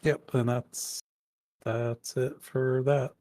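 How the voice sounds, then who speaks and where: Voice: medium pitch, level tone, extremely slow, dark tone, no room sound, studio quality. A tabletop game player in casual chat, muttering and humming while working out dice rolls.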